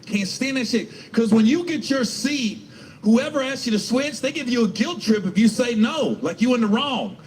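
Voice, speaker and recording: Man, middle-aged, stand-up comedy, profane, rambling, restarts, higher pitch, faint noise. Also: expressive, moderate pace, low-quality recording.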